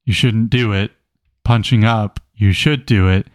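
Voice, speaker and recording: A man co-hosting a casual book club podcast, an animated storyteller who reads passages aloud with emphasis. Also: fairly low pitch, unhurried, no room sound, clean studio sound. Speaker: podcast co-host.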